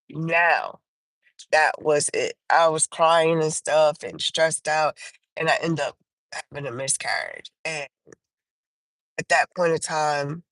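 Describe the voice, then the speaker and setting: This livestream host is a woman telling her personal testimony conversationally, captured in a low-quality recording with no echo. Her delivery is halting, full of fillers and restarted sentences, and her voice rises when she performs her own quoted words.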